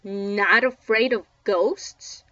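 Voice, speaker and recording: Woman doing a booming pirate ghost. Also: a bit bright, dry recording. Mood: menacing. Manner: slow, booming threats. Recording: dull lo-fi, distant from mic.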